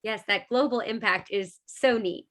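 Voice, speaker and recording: A woman's voice: medium pitch, measured pace. Woman hosting a fireside chat. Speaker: interviewer, event host.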